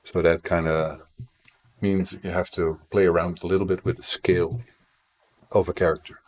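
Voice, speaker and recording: Low-voiced man chatting on a live stream. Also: flat delivery, moderate pace, a little mellow. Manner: rambling, chatting with viewers, playful. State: tickle in the throat. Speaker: indie game developer streaming. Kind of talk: casual live-stream chat.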